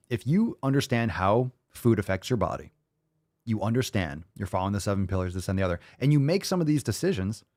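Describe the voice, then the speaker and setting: A man's voice: lowish voice, darkish tone, no echo, studio quality. A man hosting a show, giving blunt, profane, sarcastic ranting commentary as he reacts to a video. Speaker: podcast host reacting to a video.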